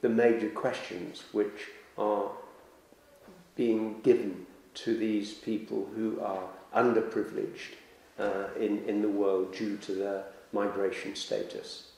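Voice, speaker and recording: A man's voice: fairly low pitch, flat delivery, slow pace, darkish tone. A man giving an earnest, formal opening speech at a conference, stressing words with repetition. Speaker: conference speaker, federation president. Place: large lecture hall. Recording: echoey hall, faint noise.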